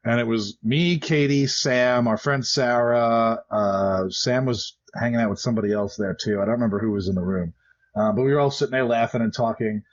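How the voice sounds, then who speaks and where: A man's voice: mid-range voice, a little fast, dull audio. A man co-hosting a podcast, telling a story in a rambling, hesitant way. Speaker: podcast co-host. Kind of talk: casual podcast chat.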